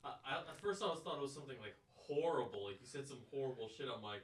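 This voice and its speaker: A man on a podcast reacting to a story with loud exclamations and swearing. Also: mid-range voice, lively intonation, fast talker, breathy edge. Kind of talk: casual podcast chat.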